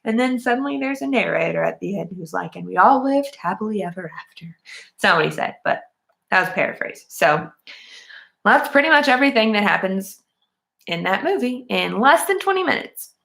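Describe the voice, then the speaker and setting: A woman's voice: medium pitch, sing-song, fairly quick, vocal fry, a bit bright. A woman casually recapping and reviewing a movie in a chatty, rambling way, full of "like" and "um".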